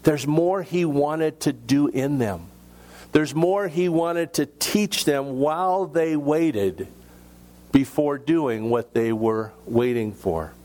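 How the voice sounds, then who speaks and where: A man preaching a sermon in a slow, deliberate way, with measured pauses between phrases. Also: on the high side, dark tone. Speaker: pastor.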